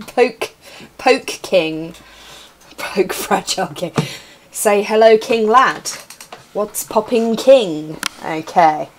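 A woman's voice: medium pitch, expressive, slow, a little hiss or hum. Playful woman streaming a retro game. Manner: playful, chatting to viewers while typing commands. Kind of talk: casual live-stream commentary. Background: keyboard typing.

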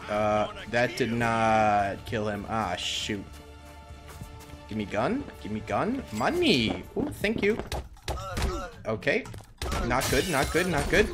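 A young man giving goofy, casual commentary over his own gameplay, muttering to himself and then yelling at a character. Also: medium pitch, sing-song, takes it slowly, pauses often, faint music behind. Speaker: gaming YouTuber.

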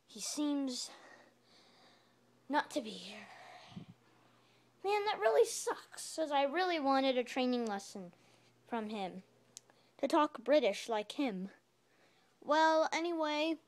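High-voiced playful woman vlogger. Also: expressive, slow, pauses often. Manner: rambling and playful, calling out loudly. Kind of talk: playful home video vlog.

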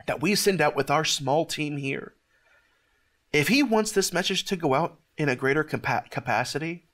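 A man hosting a ministry show, giving an emotional testimony in an earnest, halting way with many restarts, near tears. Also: a little high, fairly bright tone.

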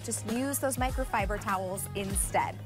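A woman hosting a TV home shopping show, pitching products in a bubbly, upbeat way. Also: moderate pace. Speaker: shopping channel host. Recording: TV broadcast with music bed. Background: music.

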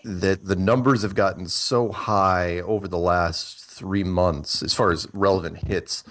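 A man's voice: low-pitched, fairly even intonation, a little slow, fairly bright tone, a little hiss or hum. A man talking as an interview guest, explaining at length with many fillers and restarts. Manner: rambling, thinks aloud with many fillers and restarts. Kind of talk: casual interview talk.

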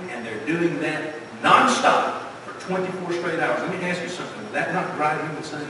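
Echoey pastor preaching from afar. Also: male voice, on the high side. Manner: emphatic preaching with rhetorical questions, dropping to a hush. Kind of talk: sermon. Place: church sanctuary. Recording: echoey church hall from far off, faint noise.

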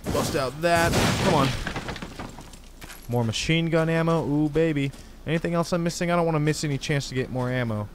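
A man hosting a gaming channel, giving excitable, slangy commentary as he plays a horror game. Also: fairly high pitch, a little fast, noisy background. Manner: excitable, exclamatory, casual slang. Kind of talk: let's play commentary.

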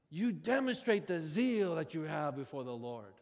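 A pastor preaching a sermon, his delivery expressive, with his voice often rising suddenly in pitch and volume. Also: normal speed, gravelly. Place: large church sanctuary. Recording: long church hall reverb.

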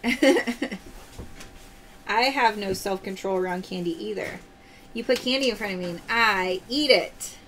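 A woman with a slightly bright, mid-range voice keeps a measured pace while hosting a live-stream pearl sale. She opens oysters and calls out prizes and pearl sizes to viewers, cheerful and upbeat throughout.

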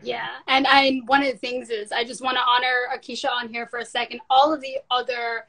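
A woman's voice: on the high side, level tone, fairly quick, bright, forceful tone, low-quality recording. A woman moderating a panel discussion, enthusiastic, using Caribbean slang and asking long questions.

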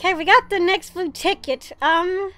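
A woman giving casual commentary while pulling cards in a mobile game, talking in an excitable, pleading, dramatic way. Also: extremely high pitch, moderate pace, dry recording, soft background music.

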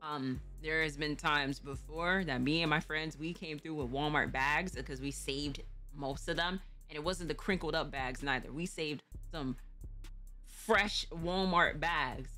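A woman's voice: deep voice, measured pace, bright, forceful tone, soft background music. Laughing, profane young woman storyteller. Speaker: streamer. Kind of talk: casual storytime chat.

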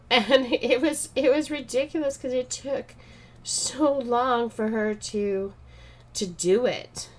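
A woman's voice: a little high, slow, long pauses. A married woman chatting casually while she draws, rambling through stories and laughing often. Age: adult, married. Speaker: art vlogger. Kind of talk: casual chat while drawing.

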